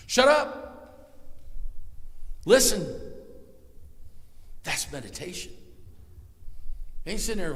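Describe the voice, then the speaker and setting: A man preaching a live sermon in a folksy way, talking straight to the congregation and swinging from hushed to loud. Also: fairly low pitch, creaky. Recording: long hall reverb.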